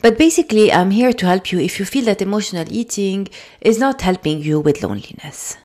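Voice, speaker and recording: A woman with a French accent, hosting a podcast and talking things through in a gentle, thoughtful way with frequent fillers and restarts. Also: mid-range voice, animated, brisk. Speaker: podcast host. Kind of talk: casual solo podcast talk.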